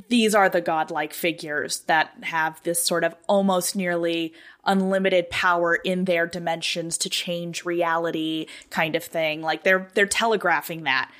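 A woman co-hosting a podcast in casual chat, thinking aloud with lots of fillers and growing animated as she talks. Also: lowish voice. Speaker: podcast co-host.

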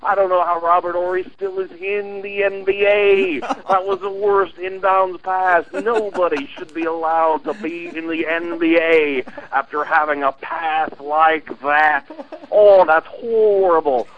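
A man puts on an excitable sportscaster who yelps his criticism in a high, stretched-out voice. The call sounds dull and lo-fi, like a voicemail left for a podcast. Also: measured pace. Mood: outraged. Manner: loud exaggerated outbursts. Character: impression of a male sportscaster, excitable, shouting criticism.

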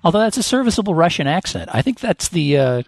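A man's voice: fairly high pitch, very animated, fast talker, gravelly, breathy edge, no echo. A man co-hosting a casual podcast chat over a video call, joking and teasing the others. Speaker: podcast co-host.

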